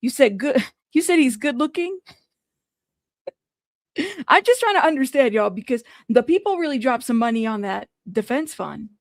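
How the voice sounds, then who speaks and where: A woman in her thirties hosting a live-stream news commentary show, chatting casually and greeting viewers by name in quick bursts. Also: sits high, sing-song, no room sound, clean studio sound. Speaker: livestream news commentary host.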